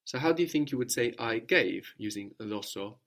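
Man, language teacher, medium pitch, patient, prompting questions, repeats answers. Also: expressive, normal speed, gravelly, a bit bright. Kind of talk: guided language lesson.

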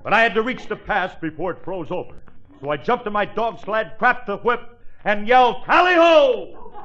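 A brash, boastful bumbler. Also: male voice, high voice, fairly quick, fairly bright tone, highs cut off. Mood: blustering. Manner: brash, bragging. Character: blustering, boastful bandleader-dad. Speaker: comic lead. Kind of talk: 1940s radio acting.

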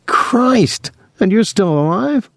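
A man voicing an excitable teenage boy who fires off incredulous, agitated questions. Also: fairly high pitch, normal speed, vocal fry, no room sound, clean studio sound, voice pushed up, heavily acted.

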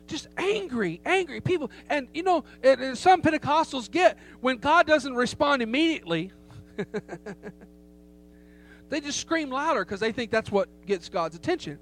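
A man's voice: very high voice, animated, normal speed, a bit bright. A middle-aged man preaching a sermon, telling a story with emphasis and rhetorical questions to the congregation. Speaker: pastor. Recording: faint hum behind the voice.

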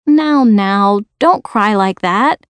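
A kind young maid with a Yorkshire accent chatters on warmly, as a woman puts her on. The storybook voice sits a little higher than the reader's own. It is heard close and dry, with no room around it. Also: animated, measured pace, no echo, close to an everyday voice. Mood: soothing.

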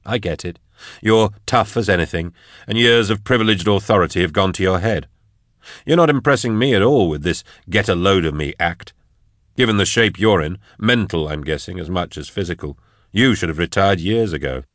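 A man voicing a prickly, defensive older male biologist in an audiobook, talking quickly and indignantly. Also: lively intonation, a bit bright, no room sound, studio quality. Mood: irritated. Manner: indignant, quick, higher pitched. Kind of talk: audiobook narration.

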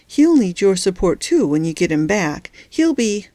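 A woman's voice: mid-range voice, sing-song, moderate pace, dark tone, dry recording, natural voice. A woman voicing a firm, disapproving hospital nurse in an audiobook, her voice raised a little above her narrating voice. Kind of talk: audiobook character voice.

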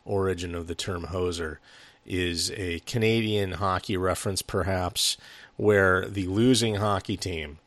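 A man's voice: low-pitched, steady tone, a little slow, fairly bright tone, no echo. A man co-hosting a casual film review podcast, rambling with many restarts and frequent swearing. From United States. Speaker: podcast co-host.

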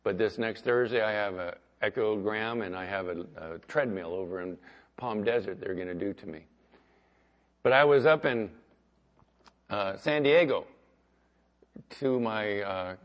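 A man preaching as pastor, talking conversationally and swinging between loud emphasis and quiet asides. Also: fairly low pitch, highs cut off. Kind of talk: sermon.

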